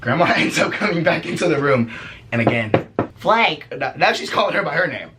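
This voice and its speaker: A young man casually telling a story as a vlogger, profane and animated, laughing often. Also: a little high, fast, very noisy.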